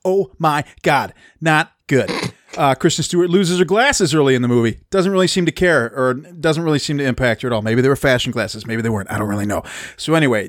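A man's voice: mid-range voice, no echo, clean studio sound. A man casually recapping a movie plot on a podcast, rambling, self-deprecating and laughing often. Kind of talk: casual chat.

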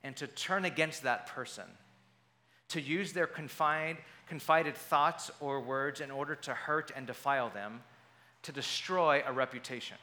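Bright-voiced male pastor preaching animatedly. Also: medium pitch, measured pace. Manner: animated storytelling, acts out quoted voices. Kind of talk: sermon.

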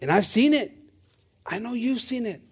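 A man preaching a sermon, switching between English and Spanish, calling out amen and hermanos, swinging from loud to soft. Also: very high-pitched, lively intonation, normal speed, breathy edge. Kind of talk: bilingual sermon.

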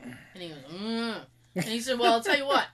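Animated Massachusetts woman telling a story. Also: a little high, moderate pace. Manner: animated storytelling with sound effects. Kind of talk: casual chat.

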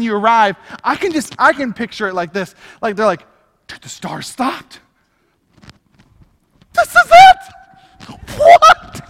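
A man preaching a sermon with energetic, conversational delivery and casual slang. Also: very high voice. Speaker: pastor. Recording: long hall reverb.

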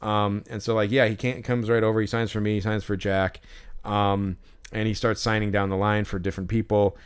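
Smooth-voiced man telling rambling stories. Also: on the low side, level tone, a little fast. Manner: rambling storytelling, many fillers and restarts; exasperated, sarcastic about fans. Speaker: podcast co-host. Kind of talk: casual podcast chat.

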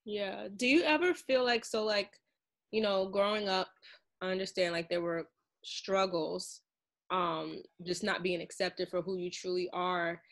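A woman's voice: mid-range voice, fairly even intonation, a little slow. A woman hosting a podcast who asks long, searching interview questions full of fillers. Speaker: podcast host. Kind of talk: casual interview.

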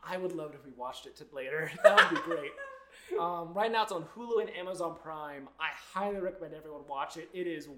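A woman's voice: low voice, fast talker, reverberant, background noise. A woman co-hosting a casual movie chat, rambling with lots of fillers and giggling. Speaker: podcast co-host.

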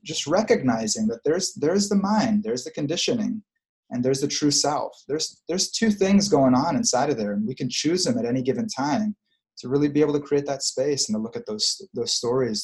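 Man, spiritual coach, earnest, searching for words, repeats himself, reflective talk, mid-pitched voice. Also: darkish tone.

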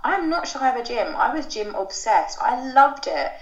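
A woman's voice: a little high, very animated, normal speed. A woman in her thirties, a podcast guest telling a long personal story in a chatty, rambling way with fillers and self-corrections. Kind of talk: casual podcast chat. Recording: roomy, dull lo-fi sound.

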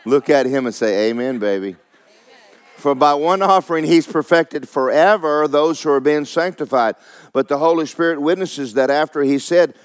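A middle-aged man preaching a sermon, swinging between loud fervent exhortation and soft asides. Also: medium pitch. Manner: animated preaching, rising to near-shouts, then dropping soft. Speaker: pastor.

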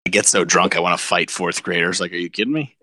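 A man's voice: sits low, fast talker, no room sound, clean studio sound. A man co-hosting a casual podcast chat, ranting with lots of swearing. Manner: profane, animated ranting. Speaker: podcast co-host.

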